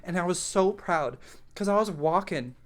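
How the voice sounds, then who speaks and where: A man's voice: high voice, moderate pace. Slangy young man telling a story. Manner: profane, animated, slangy, full of 'like'. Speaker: storytime YouTuber. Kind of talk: casual storytime narration.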